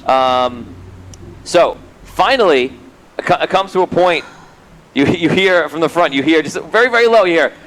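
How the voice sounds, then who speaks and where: A man's voice: a little high, lively intonation, moderate pace, fairly bright tone. A man running a tabletop game as game master, narrating with frequent laughter and rambling asides.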